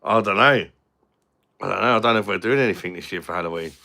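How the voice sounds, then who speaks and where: A man's voice: deep voice, fast talker, creaky, pushed and bright. Blunt British man on a livestream. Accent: British English. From Britain. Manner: blunt, joking, swears casually. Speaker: livestream host. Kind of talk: casual livestream chat reading comments.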